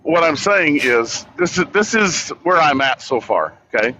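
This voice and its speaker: A man with a bright, pressing voice reasons through a question, stopping and restarting as he goes. His line sounds dull and lo-fi, with a faint hiss underneath. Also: fairly high pitch, big pitch swings. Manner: halting, restarts, thinks aloud. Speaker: guest debater. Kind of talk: casual debate chat.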